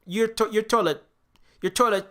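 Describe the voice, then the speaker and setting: A man talks in a loose, rambling way, restarting his sentences, swearing now and then and acting out what others might say. His voice sits high and sounds sharp and crisp. He comes across as an indie game maker chatting to his audience. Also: fairly even intonation, normal speed. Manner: acts out others' lines in quoted voices. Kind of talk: casual spoken commentary.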